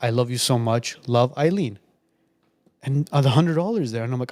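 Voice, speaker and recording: A man's voice: medium pitch, moderate pace, darkish tone. A man in his late thirties, co-hosting a podcast and telling stories in a chatty way with many restarts. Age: 30s. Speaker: podcast co-host. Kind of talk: casual chat.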